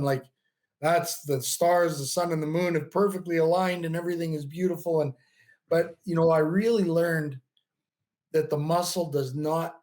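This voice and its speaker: A podcast guest in his fifties, a bodybuilding coach, speaks with a voice on the high side. He's animated and talkative in the casual interview, leaning on "you know" and laughing often as he tells stories.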